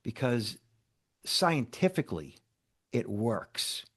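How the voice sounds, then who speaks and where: With a mid-range voice and an unhurried pace, a male cybersecurity specialist animatedly narrates a story during an interview. He voices the dialogue himself, pausing for "okay?" and "right?".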